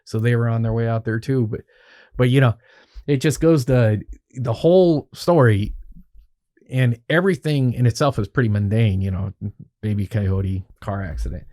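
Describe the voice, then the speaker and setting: A man telling a long, animated story as a podcast guest, swearing freely and acting out what people said. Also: medium pitch, moderate pace. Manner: animated, profanity-laced, acts out quoted dialogue. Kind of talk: casual storytelling.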